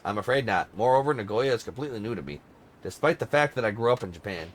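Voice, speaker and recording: A man's voice: fairly low pitch, expressive. A man reading as a formal male secretary. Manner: formal, measured, explanatory.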